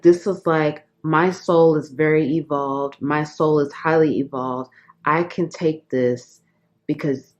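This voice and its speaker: A woman giving a channeled tarot reading in an earnest, emotional way, often dropping to soft whispers. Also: deep voice, muffled recording. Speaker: tarot reader.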